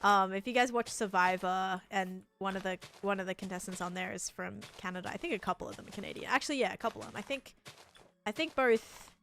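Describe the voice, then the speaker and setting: A woman's voice: medium pitch, fast talker, gravelly, a bit bright, slight background noise. A woman with an Australian accent chatting casually while gaming live, rambling and filling her talk with "like". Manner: rambling, chatty, heavy use of "like". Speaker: livestreamer.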